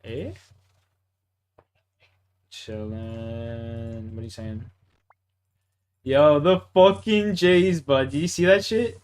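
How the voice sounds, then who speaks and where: A man's voice: sits high, expressive, unhurried, darkish tone. A young man from Canada with a Canadian accent, chatting casually in a laid-back, profane, slangy way. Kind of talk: casual chat.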